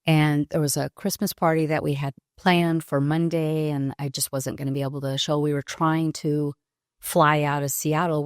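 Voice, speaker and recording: A woman in her sixties, a podcast guest, telling a personal story in a halting, reflective way with pauses and restarts. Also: low-pitched, dry recording, studio quality.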